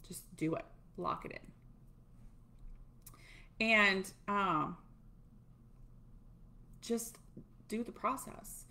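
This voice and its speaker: A woman's voice: mid-range voice, very slow, pauses often, pushed and bright. A middle-aged woman casually walking viewers through a tapping routine, chatty and self-deprecating as she demonstrates. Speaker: tapping coach. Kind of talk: casual instructional talk.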